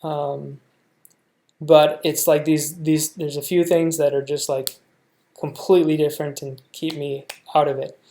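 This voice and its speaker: A young American man reacting to a show, thinking out loud in a rambling way, full of fillers and restarts. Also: a little high, flat delivery, measured pace. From United States. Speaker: reaction video host. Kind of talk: casual reaction commentary.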